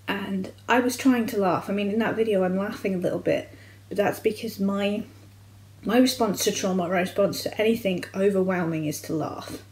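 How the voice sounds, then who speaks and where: A young adult woman vlogger, from the United Kingdom, recounting a personal medical experience in a candid, halting way with frequent restarts. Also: mid-range voice, darkish tone, low-quality recording. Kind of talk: personal storytelling vlog.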